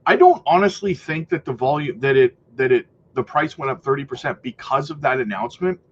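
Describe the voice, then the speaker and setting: A man in the middle of the usual pitch range talks casually through market updates as a channel host, chatty and hedging, with lots of fillers and throat clearing. The recording is a little dull and muffled, with faint noise underneath. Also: lively intonation, fairly quick. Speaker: crypto news host.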